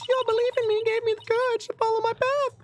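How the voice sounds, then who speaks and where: A woman's voice: extremely high pitch, level tone, quick pace, music in the background, voice pushed up. A woman voicing a haughty young royal priestess, nasal and stiffly formal. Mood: grateful. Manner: stiff, regal speech.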